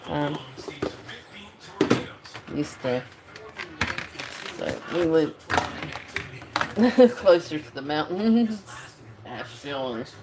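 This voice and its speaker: A woman's voice: deep voice, very animated, drawn-out words, pauses often, background noise. A woman with a Southern US accent, chatting casually with viewers on a livestream, drawling and laughing often. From North Carolina. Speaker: livestream host.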